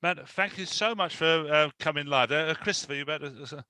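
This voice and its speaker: Male webinar host, bright forceful voice, close dry sound, eager and welcoming. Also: on the high side, smooth, no room sound. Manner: enthusiastic, quick affirmations. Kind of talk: casual hosting. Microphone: video call.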